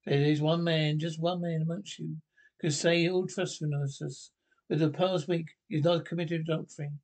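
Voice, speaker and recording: Man doing a period comedy rector, mock-righteous sermon, gravelly fry, slightly high pitch. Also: little pitch movement, normal speed, a little mellow, lightly acted. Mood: scolding. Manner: scolding, mock-righteous preaching. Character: 18th-century village rector, stern preaching man. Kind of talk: comic period film acting.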